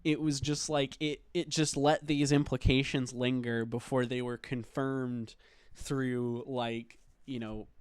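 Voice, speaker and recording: A man giving a rambling, emotional recap of a film, halting often, swearing and sighing as he talks. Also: mid-range voice, clear, resonant tone, dry recording. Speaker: film commentator.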